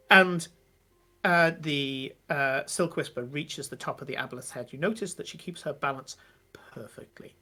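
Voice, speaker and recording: A man narrating a tabletop game as game master, vivid but halting with many fillers. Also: on the high side, pushed and bright.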